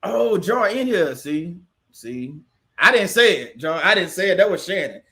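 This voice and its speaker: A man's voice: high voice, big pitch swings, a little slow, bright, forceful tone. A man from the casually hosting a livestream, chatting with viewers and answering their comments, often laughing. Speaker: livestream host.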